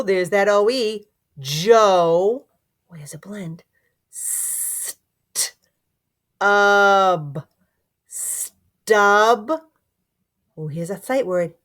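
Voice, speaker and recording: Slow-paced woman teaching phonics. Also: mid-range voice. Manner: slow, encouraging, sounds words out. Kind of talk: phonics lesson for young children.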